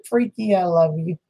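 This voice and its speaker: A woman's voice: mid-range voice, a bit bright. A woman, hosting a casual livestream, chatting with viewers, greeting them by name and laughing often. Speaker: livestream host.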